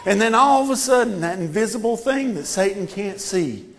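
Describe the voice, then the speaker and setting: A man preaching a sermon, moving from quiet storytelling to fervent, shouted declarations with heavy repetition. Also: high voice, lively intonation, moderate pace. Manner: impassioned, building to shouted repetitions.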